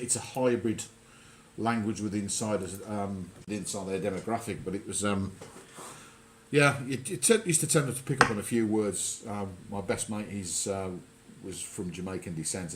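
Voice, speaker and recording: A man's voice: fairly low pitch, slight background noise. A man hosting a casual radio chat, rambling and often correcting himself mid-sentence. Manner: rambling, self-correcting, chatty. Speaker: radio show host.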